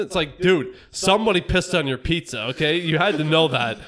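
A man's voice: a little high, brisk, hardly any pauses. Incredulous young man over crowd noise. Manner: incredulous, swearing, mocking. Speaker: podcast co-host. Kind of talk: casual chat.

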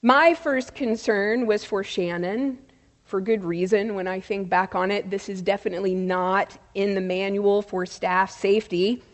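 A woman preaching a sermon, telling a story in a slow, measured way with soft pauses. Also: mid-range voice, fairly even intonation. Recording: long reverb of a large hall.

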